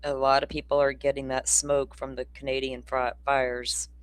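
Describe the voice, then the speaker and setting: The voice sits in the mid range, delivered flat and smooth at normal speed with no room sound. It belongs to a true-crime livestreamer who has the hiccups and rambles informally while reading chat comments, swearing casually at one point.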